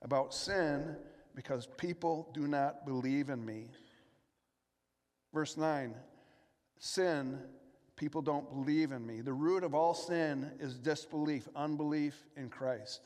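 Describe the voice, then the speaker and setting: A man's voice: fairly high pitch, slow, darkish tone. Earnest male preacher in a reverberant hall. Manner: earnest preaching, rhetorical questions and scripture reading. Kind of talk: sermon.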